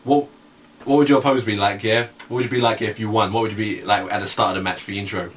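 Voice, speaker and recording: A man's voice: fairly low pitch, steady tone, fast talker. Slangy young man, off-mic. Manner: slangy, tags lines with "right, yeah?". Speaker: co-host. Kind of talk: casual chat. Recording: distant from the mic, faint background hiss.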